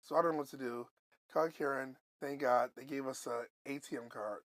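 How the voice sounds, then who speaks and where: A man from Buffalo, New York telling a story on a podcast, animated and loose, swearing and going off on asides. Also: medium pitch, brisk. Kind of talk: casual storytelling.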